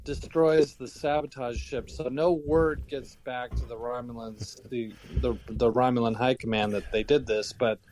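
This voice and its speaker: A man co-hosting a podcast, recapping a story in a relaxed, joking way. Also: medium pitch, moderate pace, few pauses, a little hiss or hum, poor audio. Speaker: podcast co-host. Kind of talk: casual book discussion.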